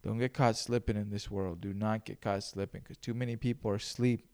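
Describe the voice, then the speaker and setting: A man's voice: lowish voice, steady tone, brisk, a little mellow, clean tone. A man hosting a solo podcast, talking in a loose, rambling way full of swearing. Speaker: podcast host. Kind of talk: casual solo podcast monologue.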